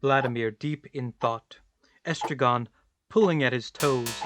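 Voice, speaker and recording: A man narrating the stage directions of a radio play in a plain, measured reading. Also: mid-range voice, fairly bright tone, no echo.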